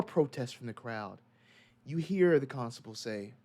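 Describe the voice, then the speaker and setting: A man narrating a tabletop horror game as game master, in steady descriptive storytelling. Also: mid-range voice, unhurried.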